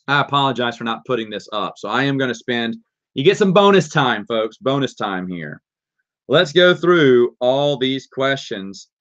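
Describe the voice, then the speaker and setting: A man's voice: fairly high pitch, sharp tone. A man with a Southern accent casually answering viewer questions on a live stream, reading out questions and rambling through his answers. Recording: dull lo-fi stream audio.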